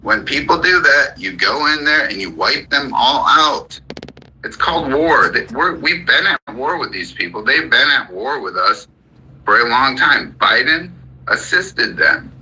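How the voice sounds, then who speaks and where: Host of a live voice room, heated and profane, with a husky, sharp-edged tone. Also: male voice, medium pitch, lively intonation, measured pace, low-quality recording. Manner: heated, profane, repetitive ranting. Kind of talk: angry political rant. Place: call-in audio chat room.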